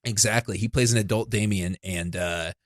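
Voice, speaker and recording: A man's voice: on the low side, no echo, studio quality. A man in his thirties hosting a podcast, rambling and cutting himself off as he chats and laughs. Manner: rambling, self-interrupting, quick to laugh. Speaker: podcast host. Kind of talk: casual comedic chat.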